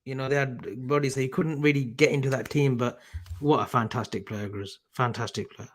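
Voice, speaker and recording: A man co-hosting a casual live-stream chat, animated and bantering. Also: medium pitch, fairly quick. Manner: animated, banters and argues over pronunciation. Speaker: co-host.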